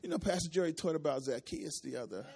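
A man's voice: fairly high pitch, lively intonation, quick pace, gravelly, a little mellow. A man preaching, repeating phrases and asking the congregation for responses as his intensity rises and falls. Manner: repetitive, call-and-response preaching with rising and falling intensity. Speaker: pastor. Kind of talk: sermon.

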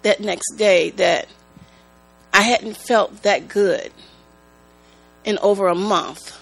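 A woman giving a church testimony, speaking in a slow, halting, emotional way. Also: mid-range voice, vocal fry, rough recording. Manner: slow, halting, emotional, prone to rising excitement. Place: church sanctuary. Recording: mains hum in the background.

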